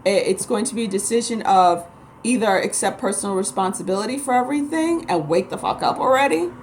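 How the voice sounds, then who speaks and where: This casual monologue to camera comes from a woman in New York City, a spiritual vlogger and Reiki practitioner. She's brisk and blunt, with a mid-range voice, lively intonation, emphatic rambling, and slight background noise.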